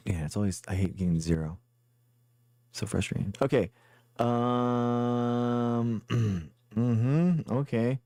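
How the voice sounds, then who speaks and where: A man's voice: medium pitch, slow, warm tone, no echo. A man streaming a guessing game live, rambling and thinking aloud as he plays. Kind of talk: casual live game commentary.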